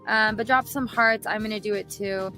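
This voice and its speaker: A woman's voice: mid-range voice, fairly even intonation, moderate pace, bright, forceful tone, faint music behind, poor audio. Chatty upbeat woman co-host. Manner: chatty, upbeat, many fillers. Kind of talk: casual live-stream chat. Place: studio.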